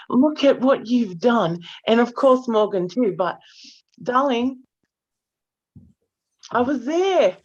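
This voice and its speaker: A woman joins a livestream as a guest over a video call, her audio dull and lo-fi. She speaks very slowly, with heartfelt, near-tearful affection. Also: a little high, lively intonation, husky. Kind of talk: casual livestream chat.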